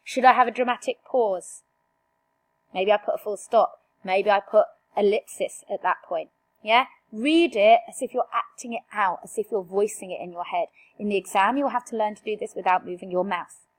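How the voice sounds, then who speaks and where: A woman's voice: mid-range voice, moderate pace. A woman teaching an exam revision lesson, direct and emphatic, firing rhetorical questions at her students.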